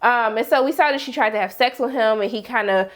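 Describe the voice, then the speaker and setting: A woman chatting casually as she recaps a TV episode, slangy and animated, acting out her own reactions. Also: a little high, fast talker. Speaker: TV review vlogger.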